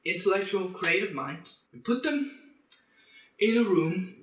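A young man tears into his topic in a comedic rant. His voice is high and bright, and he swears constantly and erupts into shouts. The sound bounces around an echoey room. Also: expressive, measured pace, a little hiss or hum. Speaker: channel host.

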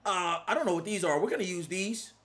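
A young man giving excitable live commentary while playing a video game, often yelling at the screen. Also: high-pitched, quick pace. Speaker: gaming YouTuber.

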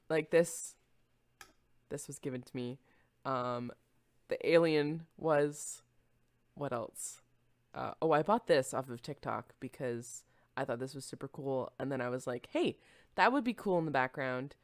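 A woman's voice: deep voice, darkish tone, no echo, clean studio sound. A young woman streamer chatting casually and rambling with her viewers, easily distracted and giggling often. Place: home room.

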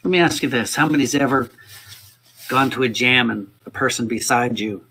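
A man's voice: medium pitch, moderate pace, pushed and bright, breathy edge. A man leading a music workshop, talking earnestly in a rambling, casual way, often repeating himself. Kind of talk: casual spoken workshop talk. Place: indoors, livestream.

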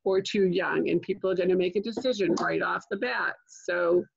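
Chatty older woman with a gravelly voice. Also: fairly low pitch, moderate pace, dull audio, background noise. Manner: chatty, keeps asking "okay?" and "right?"; jokey asides. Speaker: LinkedIn trainer. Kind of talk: online training webinar. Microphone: video call.

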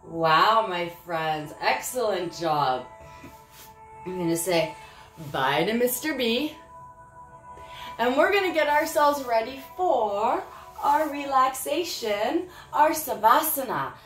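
A woman's voice: on the high side, animated, slow, a bit bright, reverberant, faint music behind, rough recording. A woman teaching preschool yoga, encouraging and sing-song, making animal sounds as she guides the poses. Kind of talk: guiding a preschool yoga class.

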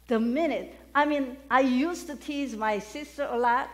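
A woman delivers a sermon at an unhurried pace, often pausing to quiz her listeners. Her voice sits somewhat high, and she leans hard on the words she wants to land. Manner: questions the congregation, emphatic call-and-response. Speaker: preacher.

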